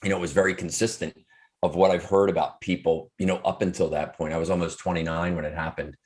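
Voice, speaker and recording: A man's voice: low-pitched, little pitch movement, darkish tone. A man in his fifties, an author and speaker, earnestly telling a personal story in an interview, with frequent restarts. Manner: earnest, reflective, halting with restarts.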